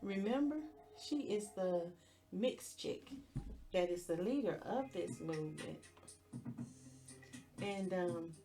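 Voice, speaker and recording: A woman hosting a podcast, recapping a TV episode in a chatty, expressive way with playful asides. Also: fairly low pitch, slow pace, pauses often, soft background music. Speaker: podcast host.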